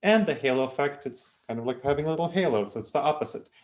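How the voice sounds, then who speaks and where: A man in his thirties from Moldova, with a Moldovan accent, giving an online presentation in a lively, self-deprecating lecturing way with frequent restarts. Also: fairly high pitch, fast talker. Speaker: webinar presenter. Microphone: video call.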